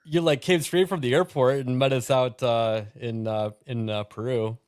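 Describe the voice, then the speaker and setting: A man guesting on a casual podcast, relaxed and quick to laugh. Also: mid-range voice. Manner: giggly, relaxed. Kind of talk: casual chat.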